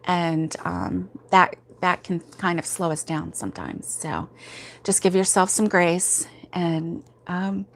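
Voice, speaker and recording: Slow, sleepy, chatty woman host. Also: fairly low pitch, fairly even intonation, vocal fry, a bit bright, a little hiss or hum. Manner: chatty and rambling, many fillers, laughs often. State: sleepy, yawning. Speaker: crochet livestream host. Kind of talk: casual livestream chat, reading viewer comments aloud.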